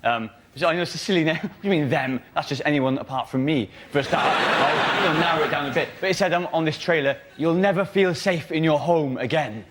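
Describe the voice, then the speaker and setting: A man's voice: fairly high pitch, brisk, few pauses. A man doing a rambling, self-deprecating stand-up bit on a comedy panel show. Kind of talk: stand-up routine. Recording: noisy studio.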